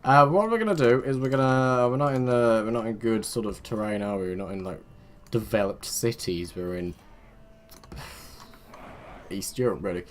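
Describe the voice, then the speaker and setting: A man's voice: on the low side, moderate pace, pauses often, slight background noise. A young man giving casual let's-play commentary, rambling and chatting to his game units with muttered asides. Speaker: gaming video host.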